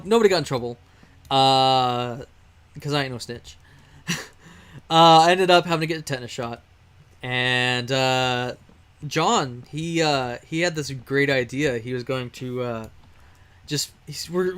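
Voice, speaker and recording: Fairly high-pitched with a fairly bright, clean tone, this man from Texas, USA, chats casually as he plays a game. He wanders through a story, padding it with fillers and little laughs.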